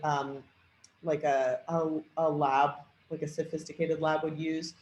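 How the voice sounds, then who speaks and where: A man leading a software training demo, thinking aloud with a lot of fillers and hesitation. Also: a little high. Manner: rambling, hesitant, many fillers. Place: at a computer. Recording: echoey room with faint typing.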